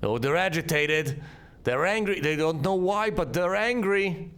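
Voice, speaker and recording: A man's voice: on the high side, measured pace, a bit bright, clear, resonant tone. A man giving sarcastic gameplay commentary and talking back to the enemies on screen. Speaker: let's play host.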